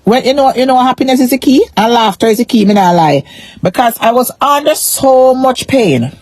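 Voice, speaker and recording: A woman's voice: fairly high pitch, expressive, moderate pace, darkish tone, no echo. A Jamaican woman on a casual live stream, rambling in a repetitive, emphatic way about money, shame and her pain. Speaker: social media personality.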